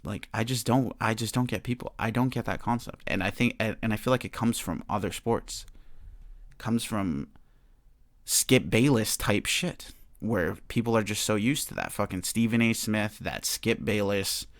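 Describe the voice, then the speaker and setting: A man's voice: lowish voice, normal speed, no echo. A young man hosting a solo podcast, ranting heatedly and swearing a lot. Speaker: podcast host.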